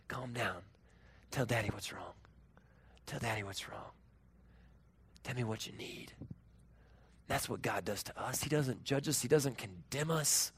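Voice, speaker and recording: A man in his thirties preaching a sermon as pastor, earnest, moving between raised emphasis and hushed, tender tones. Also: a little high.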